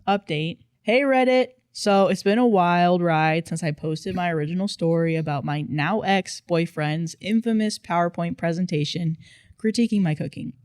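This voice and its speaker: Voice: medium pitch, normal speed, darkish tone, clear, resonant tone, no room sound. A narrator reading online posts aloud in casual storytime style, with dry, playful emphasis.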